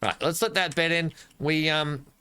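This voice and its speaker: A man's voice: fairly high pitch, moderate pace, pushed and bright, clean tone. An Australian man giving casual gameplay commentary as a channel host, rambling playfully and talking to himself as he builds.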